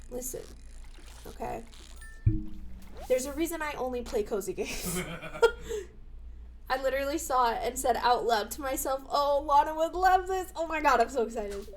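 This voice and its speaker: A young woman streaming live, chatting casually, bubbly and excitable with sudden squeals. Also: high voice, a little slow, long pauses, slight background noise.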